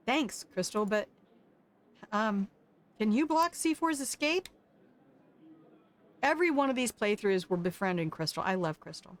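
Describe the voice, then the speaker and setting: An older woman streaming a game, reading its text aloud and putting on animated character voices. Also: mid-range voice, normal speed. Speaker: streamer playing a visual novel game.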